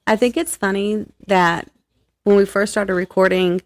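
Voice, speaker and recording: A woman co-hosting a relaxed book podcast at a middle pitch. She talks loudly and laughs often, working through her thoughts with plenty of pauses. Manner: loud, laughs a lot, hesitant with fillers. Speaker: podcast co-host. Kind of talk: casual chat.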